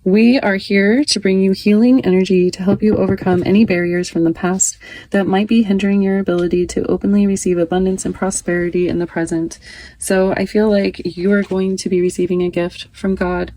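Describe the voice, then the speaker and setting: A woman's voice: medium pitch, steady tone, brisk, mellow, rough recording. A woman in her thirties giving a casual, chatty tarot reading, often reading card text aloud.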